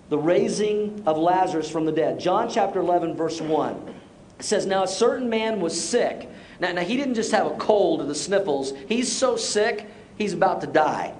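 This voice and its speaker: A middle-aged man preaching a sermon, telling stories with restarts and dropping soft and low for serious points. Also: a little hiss or hum. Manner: storytelling, repeats words as he restarts. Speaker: pastor.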